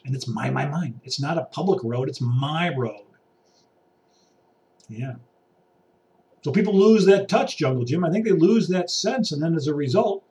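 Outdoors by the water, a vlogger rambles casually in a sarcastic rant, acting out impatient people. His voice is a little high with a darkish tone, and the mic sits at a distance.

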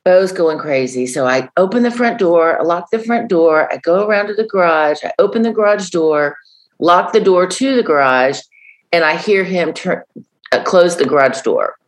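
This woman co-hosts a podcast and chats casually, telling stories animatedly and acting out lots of different voices. Her voice sits on the low side, and she talks at a moderate pace.

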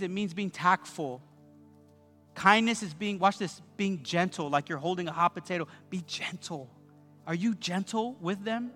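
Preaching man in an echoing church hall. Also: high voice. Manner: energetic preaching, calls for congregation responses. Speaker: pastor. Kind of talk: sermon. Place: church sanctuary. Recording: long hall reverb, faint music.

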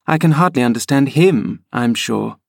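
A man reading an audiobook, voicing a lively, indignant teenage girl in a raised, emphatic voice. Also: moderate pace, vocal fry, no room sound, clean studio sound. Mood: puzzled. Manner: high, emphatic and exclaiming.

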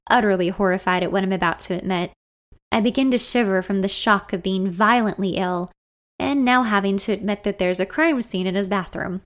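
A woman podcast host telling a first-person story in a self-deprecating way, swinging between hushed and loud lines. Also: mid-range voice.

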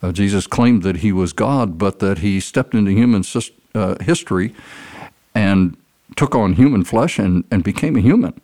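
Low-voiced male guest, earnest storyteller, lively delivery in a conversational interview. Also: normal speed. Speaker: guest speaker.

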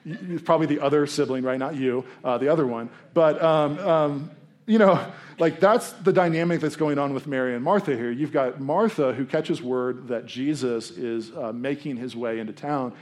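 A man's voice: medium pitch, moderate pace, a little mellow. Casual man in his thirties preaching. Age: 30s. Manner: conversational, self-deprecating, acts out quoted voices. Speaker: pastor. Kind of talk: sermon.

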